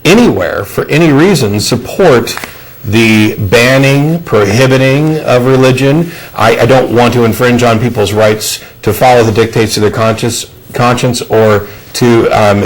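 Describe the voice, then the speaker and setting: A man hosting a studio discussion show, speaking in a measured, thoughtful way with frequent fillers. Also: mid-range voice, low-quality recording. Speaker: show host.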